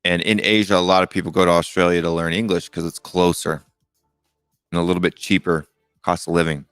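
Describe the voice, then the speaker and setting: Deep-voiced man, casual rambling. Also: level tone, fairly bright tone, smooth, dry recording, soft background music. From United States. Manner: rambling, halting, with many fillers and restarts. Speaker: live call-in show host. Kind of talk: casual live-stream chat.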